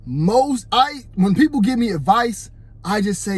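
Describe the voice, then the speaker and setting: A man with a fairly high-pitched voice gives his take into a phone held close. He sounds casual but preachy, speaking straight to the guys watching. He keeps circling back to his point with conversational fillers. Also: big pitch swings, a little slow, breathy edge. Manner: preachy, addresses "fellas", repeats "you know what I'm saying". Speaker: vlogger. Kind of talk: casual opinion monologue.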